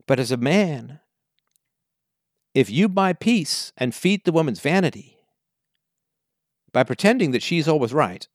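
Animated male call-in host, lively pitch. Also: a little slow, long pauses, no room sound, clean studio sound. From Canada. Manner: animated storyteller, acts out quoted voices. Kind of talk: advice talk to a caller.

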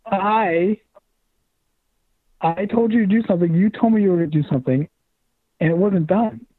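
A man's voice: sits high, normal speed, husky, no room sound. Hesitant male caller on a tinny phone. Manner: hesitant, repeats words while speaking. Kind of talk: phone call-in conversation. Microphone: telephone. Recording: tinny dry phone line.

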